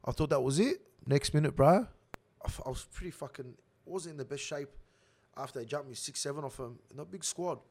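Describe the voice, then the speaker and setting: A young Australian man telling a rough prison story in casual slang, swearing constantly. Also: a little high, brisk. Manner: swears heavily, animated slang-filled storytelling.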